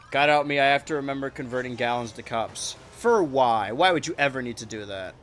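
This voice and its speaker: A man streaming a kart racing game, rambling and joking to his chat with sudden excited yelps. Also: mid-range voice, normal speed, faint music behind. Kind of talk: live-streamed gameplay commentary.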